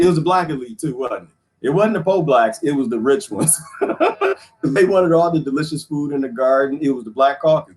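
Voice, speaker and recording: Animated man joking with his stream. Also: medium pitch. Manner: animated storytelling, crude joking, laughs often. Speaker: live stream host. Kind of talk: casual chat with viewers.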